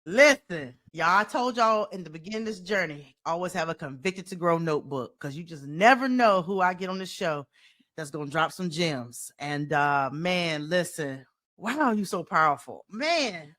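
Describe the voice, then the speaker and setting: A woman with a Southern accent hosting a podcast, talking in an expressive, exclaiming way with religious phrases. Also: fairly low pitch, normal speed. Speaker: podcast host and coach. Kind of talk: casual podcast interview.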